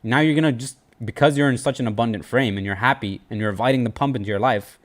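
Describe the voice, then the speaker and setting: A man hosting a casual advice talk, animated and earnest, slangy, repeating phrases for emphasis. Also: medium pitch, fast talker. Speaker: host.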